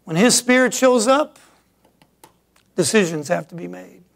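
A middle-aged man from Michigan preaching a sermon as pastor, swinging from quiet asides to loud emphatic peaks. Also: sits high, animated, a little slow, creaky. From Michigan, USA.

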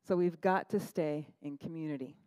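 Animated woman pastor preaching. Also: moderate pace, dry recording, rough recording. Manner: animated, laughing asides, acts out quotes in a higher voice. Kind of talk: sermon.

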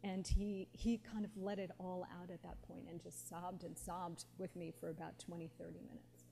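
A woman in her forties telling personal stories to an audience, lively and anecdotal, often quoting others with feeling. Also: lowish voice, moderate pace, gravelly. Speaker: guest speaker. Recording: long hall reverb, faint background noise.

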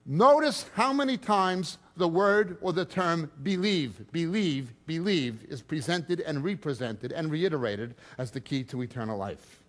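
A man's voice: a little high, animated, a little slow, few pauses. A man giving an expository Bible teaching, reading scripture aloud and explaining it with emphatic stress that rises and drops sharply.

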